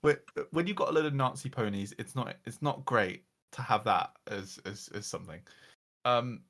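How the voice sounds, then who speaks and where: A man's voice: mid-range voice, moderate pace, fairly bright tone. A man ranting as the reviewer, exasperated and mocking, swearing often as he goes through slides. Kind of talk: casual comedic rant.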